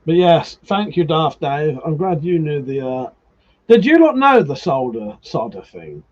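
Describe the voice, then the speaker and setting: A man's voice: on the high side, sing-song, a little slow, highs cut off. Sweary, laughing man. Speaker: livestream host. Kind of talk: casual live-stream chat.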